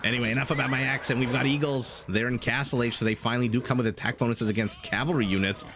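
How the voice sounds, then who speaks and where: A man's voice: mid-range voice, fairly even intonation, quick pace, noisy background. A man casting a strategy game live, chatting with viewers and laughing often between play-by-play calls. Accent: non-standard English accent (hear 'dollar' rounded). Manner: chatty, laughs often, reads chat aloud. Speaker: game caster. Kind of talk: live game commentary with chat banter.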